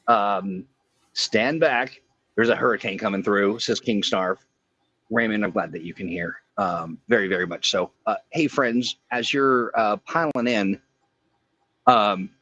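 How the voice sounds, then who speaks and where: A man's voice: medium pitch, fairly bright tone, lo-fi sound. A man co-hosting a livestream chat show, joking and reading chat messages aloud. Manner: jokey, reads chat aloud. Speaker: co-host. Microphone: remote call.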